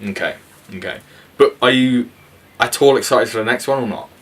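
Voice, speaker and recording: A man's voice: medium pitch, moderate pace, a bit bright. A young man co-hosting a casual film review, blunt and opinionated, sweary, laughing often. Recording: voice from a distance.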